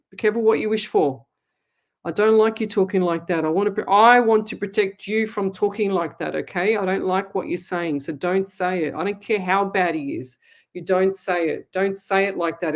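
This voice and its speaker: A middle-aged Australian woman hosting a live psychic call-in show, talking bluntly and scolding callers in a motherly way. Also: mid-range voice. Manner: blunt, motherly scolding, calls people lovey. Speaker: psychic medium radio host.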